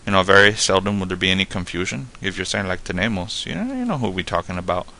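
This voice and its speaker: A man teaching a casual spoken lesson, explaining in a relaxed, rambling way full of "like" and "you know.". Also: sits low, fast talker, slight background noise. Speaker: Spanish tutor.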